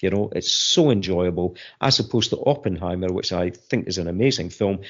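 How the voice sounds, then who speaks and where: A middle-aged man with a low voice talks a little fast in a casual discussion, animated and digressive, often restarting his sentences. The audio is muffled and lo-fi.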